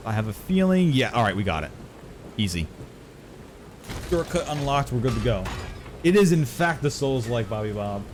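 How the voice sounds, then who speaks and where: A man's voice: mid-range voice, very animated, moderate pace, long pauses, a little mellow, a little hiss or hum. A man streaming a video game, chatting casually with his viewers and swearing now and then. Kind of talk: casual gameplay commentary.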